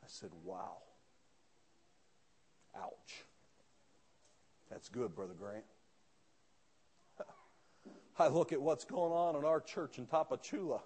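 A pastor preaching a sermon, telling a story with quoted dialogue and rising to fervent outbursts. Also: male voice, fairly high pitch, very animated, measured pace, pauses often, darkish tone, breathy edge.

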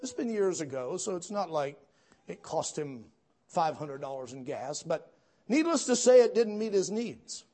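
A man preaching a sermon, telling folksy stories with asides to the congregation and building to loud, emphatic peaks. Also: on the high side, lively intonation, a little slow. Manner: storytelling, swells to shouts at climaxes.

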